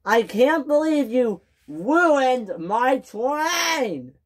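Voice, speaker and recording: Hot-tempered proud male engine, played by a woman, shrill and very high. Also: big pitch swings, a little slow. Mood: angry. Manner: shrill, accusing cries.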